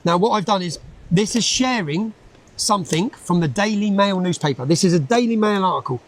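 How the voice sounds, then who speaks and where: A man in an interview, recounting events in an animated way, repeating phrases and quoting others. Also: sits high, a little fast. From United Kingdom. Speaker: guest. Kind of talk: conversational interview.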